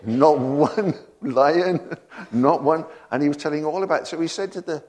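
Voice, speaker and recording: A man's voice: on the high side, moderate pace, a little mellow. A man preaching a sermon, full of rhetorical questions and laughing asides.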